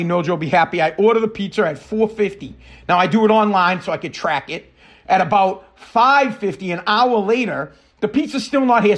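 High-voiced man ranting. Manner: animated, profane storytelling with quoted dialogue. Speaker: podcast host. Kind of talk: casual ranting monologue.

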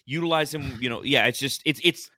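A man with a bright, forceful voice talks sports on a podcast. He is blunt and profane and reels off stats. The sound is dry and close. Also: medium pitch, a little fast, no room sound. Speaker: podcast co-host. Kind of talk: casual sports podcast chat.

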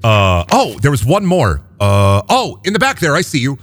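A man narrating as game master of a tabletop game, talking in a lively way with many fillers and restarts. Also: medium pitch, normal speed.

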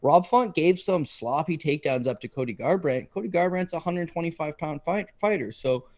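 A man co-hosting a casual podcast, giving emphatic, quick breakdowns of fights and betting picks. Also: a little high, expressive, darkish tone, no echo. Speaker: co-host, fight analyst.

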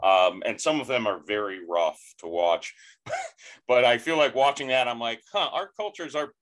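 Halting American man, bright voice. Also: mid-range voice, lively intonation. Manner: halting, many restarts and fillers. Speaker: podcast host. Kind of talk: casual chat.

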